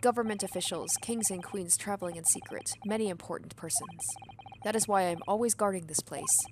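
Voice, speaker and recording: Woman voicing a burly sailor man, gruff, curt, broken English, game reading. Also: medium pitch, brisk, noisy background, lightly acted. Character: gruff burly male Russian sailor guard.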